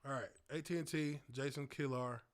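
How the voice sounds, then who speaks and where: A man in his thirties giving casual live-stream commentary, excitable and hyped, laughing often. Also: medium pitch, moderate pace.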